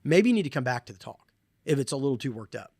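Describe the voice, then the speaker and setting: A man hosting a podcast, giving casual advice in an animated way and often tossing in "right?" and "man". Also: medium pitch, fast, no echo, studio quality. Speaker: podcast host.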